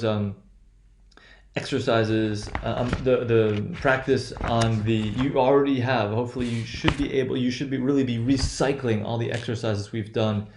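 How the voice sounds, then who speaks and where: Halting man teaching in an echoey room. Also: medium pitch, darkish tone, a little hiss or hum. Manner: halting, self-correcting, many fillers and "right?" checks. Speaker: English pronunciation teacher. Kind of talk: recorded lecture.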